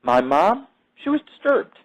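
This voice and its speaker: A man's voice: high voice, very animated, highs cut off. A man hosting his own show in a rambling, casual monologue. He swears freely, wanders off topic and restarts his sentences. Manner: profane, digressive, self-mythologizing; halting restarts and repeated fillers. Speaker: podcast host.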